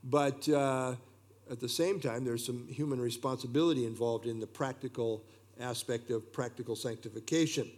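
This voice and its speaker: A man's voice: medium pitch, fairly even intonation, darkish tone. Man teaching a Bible study, many "uh"s. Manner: unhurried, with frequent "uh" fillers and plain explanations.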